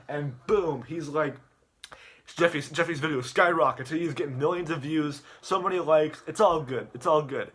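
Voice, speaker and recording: A man's voice: a little high, normal speed, a bit bright, husky. A man in a rambling rant, full of stammered restarts and swearing. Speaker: youtuber.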